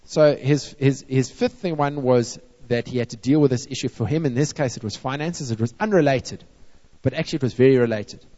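A man delivers a sermon with lively, playful energy, slipping into whiny voices to mock complaining people. His voice rings out in a hall with a long reverb tail, and the recording sounds dull and muffled. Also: medium pitch, fairly quick. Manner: lively, acts out moaning people and scolds playfully. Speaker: preacher.

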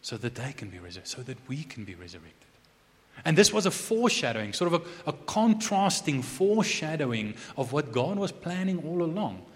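Man, pastor, sermon, fairly high voice, very lively pitch, hushed to emphatic, repeats phrases, long hall reverb. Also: fairly quick. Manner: swings from hushed intensity to loud, emphatic proclamation.

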